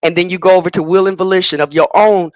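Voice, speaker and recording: Man from America, lecturing, fairly high voice, dry close sound. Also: steady tone, fast, dry recording, rough recording. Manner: lecturing, explaining at length. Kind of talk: casual live-stream chat.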